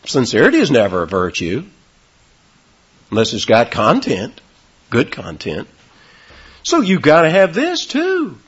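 A man preaching a sermon, with sudden high, loud emphasis on key words and a husky voice. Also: huge pitch swings, unhurried, long pauses, lo-fi sound. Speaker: pastor.

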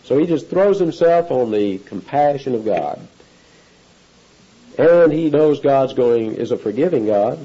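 A man's voice: medium pitch, lively intonation, a little slow, dark tone, slightly rough, lo-fi sound. A male pastor preaching an expository sermon in a conversational way, often putting questions to his listeners. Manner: conversational, asks the audience questions.

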